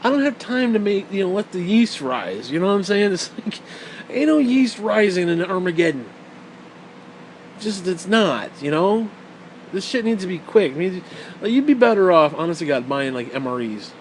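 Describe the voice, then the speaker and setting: A man's voice: high voice, sing-song, moderate pace, slight background noise. Profane, mocking man telling stories. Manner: profane, mocking, rambling with laughs. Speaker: storyteller. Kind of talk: casual ranting storytelling.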